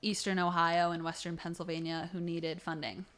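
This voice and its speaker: A woman's voice: lowish voice, little pitch movement, moderate pace, fairly bright tone. A young adult woman, a college student, chatting in an interview, upbeat and full of "um" and "like". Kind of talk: casual interview chat.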